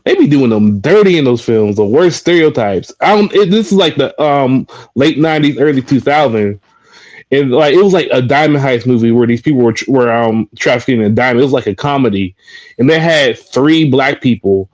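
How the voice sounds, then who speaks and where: A man in a casual group conversation, telling stories in an excitable, indignant way. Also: mid-range voice, fairly quick, poor audio.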